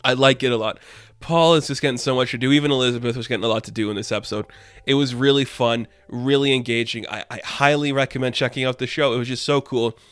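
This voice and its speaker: Excited rambling young male reviewer. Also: medium pitch, fast, clear, resonant tone, no echo. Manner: enthusiastic, rambling, lots of "like". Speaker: YouTube reviewer. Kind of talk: casual TV episode review.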